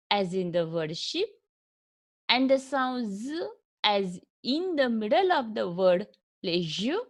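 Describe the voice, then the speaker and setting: A woman's voice: mid-range voice, very animated, slow. A woman with an Indian accent giving a recorded phonetics lecture as an English lecturer, patiently repeating and drilling each sound.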